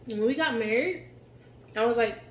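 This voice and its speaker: A woman co-hosting a couple's channel, telling family stories in a casual, animated way and laughing easily. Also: a little high, moderate pace, reverberant, a little hiss or hum, poor audio. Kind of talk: casual storytelling chat.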